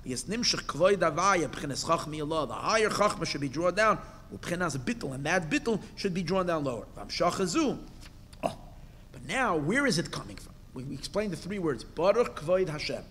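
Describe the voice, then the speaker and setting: Bright, high-voiced rabbi teaching in a hall. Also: male voice, very animated, fairly quick, a little hiss or hum. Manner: reads a Hebrew text phrase by phrase and explains each in English; explains with emphatic bursts and questions. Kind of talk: Torah class lecture. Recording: long hall reverb.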